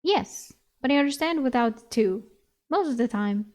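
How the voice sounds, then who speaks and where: Girl doing a loyal talking dog, super literal, flat blunt delivery, kinda high voice. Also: moderate pace, lightly acted. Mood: puzzled. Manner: blunt, literal, matter-of-fact. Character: earnest literal-minded male magic dog. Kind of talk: reading a novel aloud with voices.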